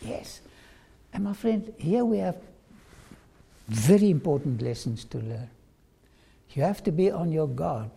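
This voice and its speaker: A preacher retells a Bible story in a sermon, slowly putting questions straight to the listeners. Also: medium pitch, lively intonation, creaky, warm tone, breathy edge. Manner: slow, questioning listeners directly.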